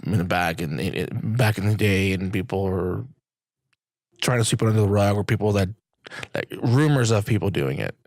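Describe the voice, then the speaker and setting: Lower-voiced man asking halting questions. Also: darkish tone, no room sound, clean studio sound. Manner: halting questions with many restarts. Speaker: podcast host. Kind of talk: casual podcast conversation.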